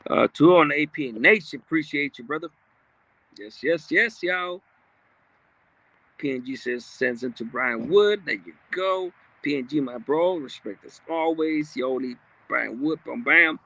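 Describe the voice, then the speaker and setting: A man's voice: a little high, a little slow, bright, forceful tone, dry recording, muffled recording. A man hosting a livestream, reading viewer comments aloud in a blunt, streetwise, casual way with frequent profanity. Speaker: livestream host.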